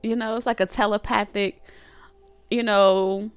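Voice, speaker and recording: This woman speaks in a clean, mid-range voice at an unhurried pace, with no echo and faint music in the background. She's giving a casual tarot reading, chatty and colloquial, animated, laughing often and acting out what people might say.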